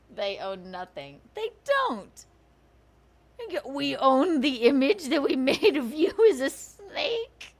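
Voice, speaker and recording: A woman's voice: sits high, very animated, slow, pauses often. A woman hosting a livestream, ranting sarcastically and profanely, scolding her critics between bursts of laughter. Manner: indignant, scolding. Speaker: livestream host.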